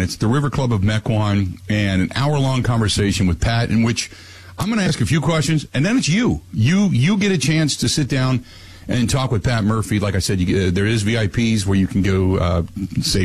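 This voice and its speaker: Husky, animated sports radio host. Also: male voice, on the low side, rough recording. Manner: animated, ranting, emphatic repetition. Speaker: radio talk show host. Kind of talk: sports talk radio rant.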